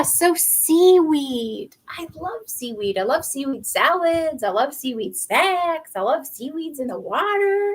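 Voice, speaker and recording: A young woman reads tarot cards live and chats along. Her voice is bubbly and giggly. It swoops up and down a lot, sits on the high side, and she rambles happily between cards. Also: sing-song, takes it slowly, low-quality recording. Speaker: tarot reader. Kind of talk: live tarot reading with chatty asides.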